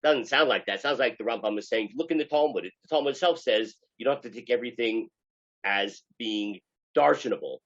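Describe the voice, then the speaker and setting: A man's voice: medium pitch, fairly quick, fairly bright tone, dull audio. A man, a rabbi, teaching a class in an emphatic way with many filler sounds and questions to the students. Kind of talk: lecture to a class.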